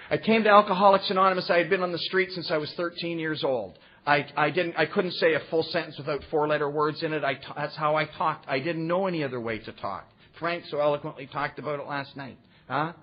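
A man's voice: fairly high pitch, slightly rough, lo-fi sound. A man telling his recovery story to a live gathering, earnest and repetitive, checking in with the audience with a "huh?". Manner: earnest, repeats phrases, tag "huh?" to the audience. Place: meeting room with audience.

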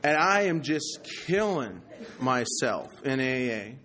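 A man giving a personal testimony talk at a recovery meeting, talking passionately and swinging from loud, heated outbursts to low, quiet confession. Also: sing-song, takes it slowly. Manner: conversational, repeats "you know".

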